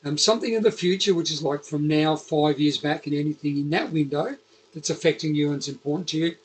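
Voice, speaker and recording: A man's voice: fairly high pitch, fast, slightly rough, poor audio. A man with a Liverpool accent hosting a casual interview, rambling and chatty with lots of fillers and restarts. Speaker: podcast host.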